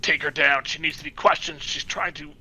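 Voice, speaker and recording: A man speaking as a player in a tabletop game, quiet and matter-of-fact. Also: fairly high pitch, steady tone, fairly quick. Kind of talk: casual tabletop play.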